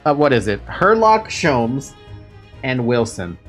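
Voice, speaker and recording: A game streamer chatting casually over a playthrough, laughing easily between animated asides. The voice swings widely in pitch, with soft game music in the background. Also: slow pace. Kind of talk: casual let's-play commentary.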